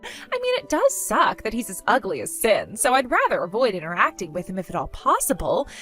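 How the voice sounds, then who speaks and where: A woman's voice: mid-range voice, huge pitch swings, a little fast, fairly bright tone, soft background music. A woman voicing a spoiled, vain young woman who gloats, insults and giggles in a text-story skit. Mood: mocking.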